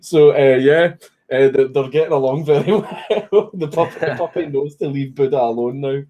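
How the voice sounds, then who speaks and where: A man's voice: mid-range voice, normal speed, dull audio, slight background noise. Swearing Scottish man telling stories. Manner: swears often, laughs through his stories. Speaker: streamer. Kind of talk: casual livestream chat. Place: home, at a computer, with a puppy. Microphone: desk microphone.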